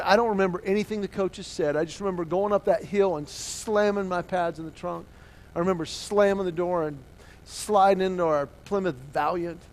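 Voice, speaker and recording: A middle-aged man preaching and telling a personal story, swinging from hushed to loud as he acts out the dialogue. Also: on the high side. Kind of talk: sermon storytelling.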